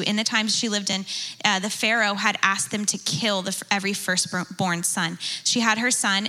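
Bright-voiced young woman pastor. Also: mid-range voice, rough recording. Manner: earnest, chatty, sprinkled with "you know" and "right?". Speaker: pastor and panel host. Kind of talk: church panel talk.

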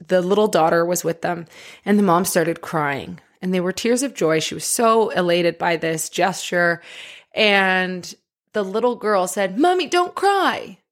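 Animated woman life coach. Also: lowish voice, measured pace. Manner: animated, laughs often, acts out quotes. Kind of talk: motivational talk.

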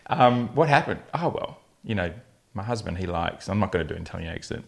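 A man's voice: fairly low pitch, huge pitch swings, brisk, vocal fry. A man, a fertility specialist telling blunt, funny patient stories in a casual podcast chat. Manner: anecdotal, laughing often, blunt humour.

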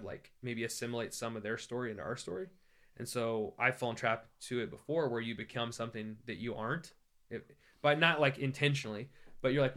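An American man, a traveling evangelist, telling a story in a podcast interview, animated and joking and acting out the voices of the people he quotes. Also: medium pitch. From United States. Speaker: evangelist guest. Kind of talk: conversational storytelling.

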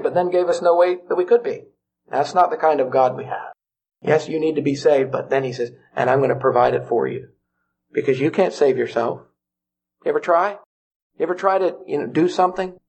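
A man preaching at a gospel meeting, his voice pitched high for a man. He tells stories in a plain conversational way, peppers them with rhetorical questions, and swings from urgent climbing pleas down to quiet, slow emphasis. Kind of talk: evangelistic sermon.

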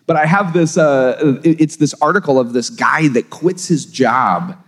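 With a slightly high voice and an unhurried delivery, a man who teaches theology spins stories in a podcast chat, speaking casually but with animated emphasis. Long room reverb hangs on the sound.

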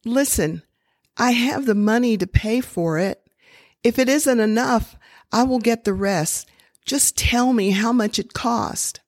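A woman's voice: on the high side, a little slow, dry recording, studio quality, pitched above the performer's own voice. Woman doing a determined little girl. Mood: insistent. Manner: pleading, insistent. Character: determined eight-year-old girl.

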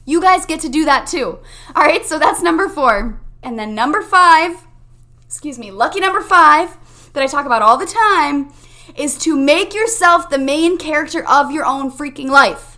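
A woman's voice: high voice, expressive, normal speed, bright, forceful tone. A young woman hosting a self-help podcast, talking straight to her listeners in an upbeat, emphatic way. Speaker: podcast host. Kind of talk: motivational self-help monologue.

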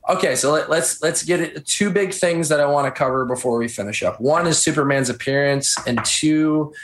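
A man's voice: on the high side, normal speed. A man co-hosting a casual film chat, retelling scenes with feeling and getting choked up. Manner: animated storytelling, gets choked up. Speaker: podcast co-host. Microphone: on camera.

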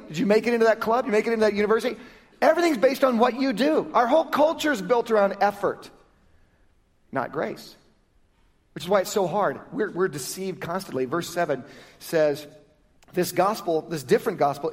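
A male pastor giving a sermon in a conversational, lively style, often restarting phrases as he explains. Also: high-pitched. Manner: conversational, lively, self-correcting preaching. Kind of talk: sermon with prayer and Bible teaching.

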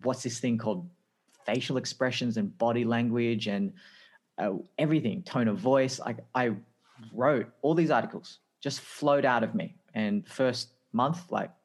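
An Australian man in his thirties, a podcast guest telling his career story in a lively, anecdotal way with frequent laughs. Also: mid-range voice, measured pace. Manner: lively anecdotal, acts out dialogue, laughs often. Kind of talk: casual interview storytelling.

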